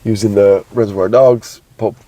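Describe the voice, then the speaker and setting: A man's voice: on the low side, fairly even intonation, normal speed, mellow, low-quality recording. A man co-hosting a casual movie podcast over a video call, retelling scenes with sound effects. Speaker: podcast co-host.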